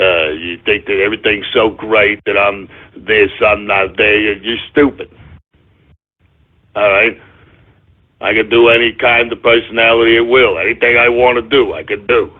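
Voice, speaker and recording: A man voicing a deep-voiced, brooding man who mutters slowly and scolds his haters, heard over a tinny phone-like line. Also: lightly acted. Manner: slow, low, muttering.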